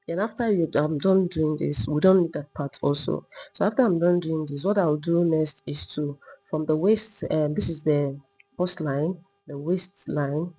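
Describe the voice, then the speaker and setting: A woman teaching a step-by-step sewing tutorial, calmly talking through each move while she drafts and cuts a pattern. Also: low voice, husky, poor audio. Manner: patient, repetitive demonstrating, talking while working. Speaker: sewing instructor.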